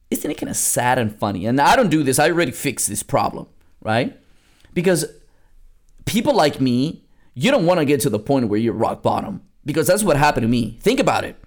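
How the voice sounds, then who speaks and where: An emphatic man delivers a motivational podcast monologue in a slightly high, gravelly voice. His pitch swings widely as he drives each point home. He talks bluntly and casually, swears now and then, and repeats lines for punch. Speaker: network marketing coach and podcast host.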